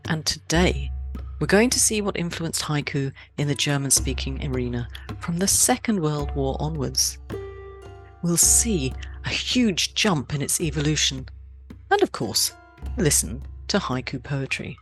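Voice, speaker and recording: A woman from Switzerland hosting a poetry podcast, speaking in a measured, deliberate way with lifts on key words. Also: deep voice, lively intonation, soft background music. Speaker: podcast host. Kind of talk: scripted podcast narration.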